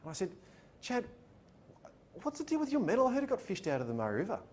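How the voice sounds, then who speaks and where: A man giving a motivational talk, acting out the people in his stories. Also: fast talker. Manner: animated, acts out dialogue in his stories. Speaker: motivational speaker. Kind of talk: storytelling keynote talk. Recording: echoey room with faint rumble.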